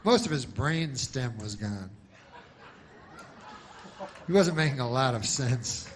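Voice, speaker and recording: A male stand-up comedian telling jokes in a deadpan, rambling way, full of restarts and filler. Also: mid-range voice, slow, a little hiss or hum.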